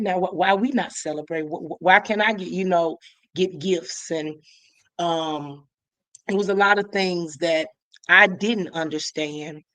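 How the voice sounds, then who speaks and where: Halting woman from Illinois, dry sound. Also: fairly low pitch, dry recording. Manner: halting, many restarts. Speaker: guest. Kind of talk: personal testimony.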